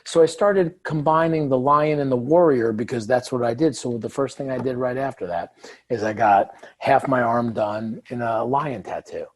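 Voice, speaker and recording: In a conversational interview, a guest author tells stories at a normal speed in a mid-range voice. He's animated and acts out the dialogue he quotes.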